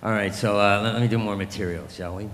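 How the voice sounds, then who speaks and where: A man in his fifties doing a rambling, self-deprecating stand-up comedy set, now and then jumping into loud mock voices. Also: fairly low pitch, fairly even intonation, fast. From New York. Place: comedy club stage. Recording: echoey club room with long reverb.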